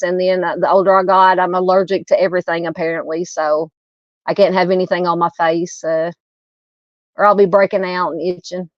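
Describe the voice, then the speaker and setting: A woman's voice: lowish voice, no echo, highs cut off. A woman in her fifties with a Southern US accent, hosting a true crime live stream and chatting casually with her viewers, with many fillers and restarts. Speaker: true crime channel host. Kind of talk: casual live stream chat reading comments.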